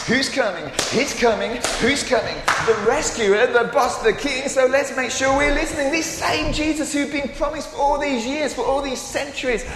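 A man telling a Bible story in a playful, animated way with frequent asides to listeners. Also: very high voice, a little hiss or hum. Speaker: storyteller for a congregation. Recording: echoey hall with faint ambience.

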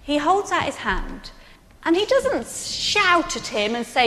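A woman preacher giving a sermon in animated storytelling, turning soft and earnest at key points. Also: sits high, slow pace, long reverb tail.

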